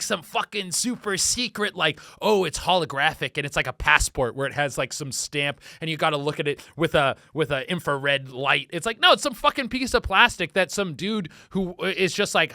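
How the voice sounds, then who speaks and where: A man, likely in his thirties, casually reacting to clips, animated and profane, acting out other people's lines. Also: fairly high pitch, fairly quick, vocal fry, few pauses, dry recording, clean studio sound. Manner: animated, profane, acts out voices.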